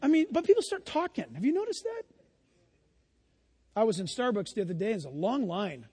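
High-voiced male pastor preaching. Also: sing-song, a little fast, mellow, husky, big-room sound. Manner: conversational storytelling, rhetorical questions to the congregation. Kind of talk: sermon.

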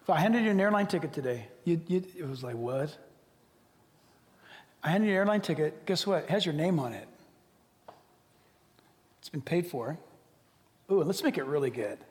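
This pastor's voice sits on the high side, and he moves fairly quickly but leaves long pauses, with the sound of a big room around him. Preaching with energy, he plays out imagined dialogues from both sides and sinks into whispers.

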